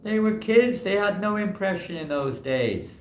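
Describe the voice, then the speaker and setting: A man's voice: high voice, animated, normal speed, a little hiss or hum. Rambling man teaching in an echoey hall. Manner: conversational and rambling, many "you know" fillers. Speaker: monk giving a scripture class. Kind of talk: informal scripture class. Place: temple hall.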